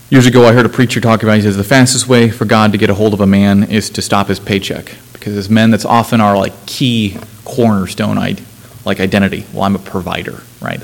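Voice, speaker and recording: A man's voice: fairly low pitch, gravelly, low-quality recording. Conversational male preacher reading scripture. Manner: conversational, with asides and self-corrections.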